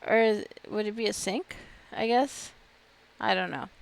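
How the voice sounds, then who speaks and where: A woman giving casual, wry commentary while playing a game, chatty and quick to laugh. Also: mid-range voice, vocal fry. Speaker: game streamer. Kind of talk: casual let's-play commentary.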